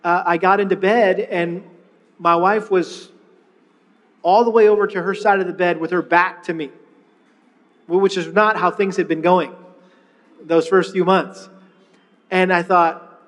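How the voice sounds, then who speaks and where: A middle-aged man preaching a sermon, telling a personal story with lively retellings and frequent restarts. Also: sits high, unhurried, long pauses, in a large hall. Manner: storytelling, animated, with many restarts. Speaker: pastor.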